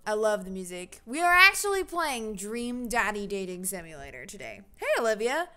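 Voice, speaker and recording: Giggly, bright-voiced woman streamer. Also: medium pitch, big pitch swings, brisk, few pauses. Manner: chatty and giggly, talks to chat. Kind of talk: casual live stream chat and game reading. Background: faint game music.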